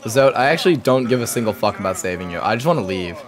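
A man's voice: fairly low pitch, lively intonation, quick pace. A young man streaming a game live, talking to himself in jumpy, nervous chatter and swearing often. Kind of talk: live gameplay commentary.

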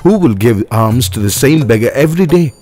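An actor dubbing a scheming, smooth-talking male trader in beggars who speaks persuasively and deferentially, in an English film dub. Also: mid-range voice, animated, fairly quick, darkish tone, faint music behind, close to an everyday voice. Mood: lecturing.

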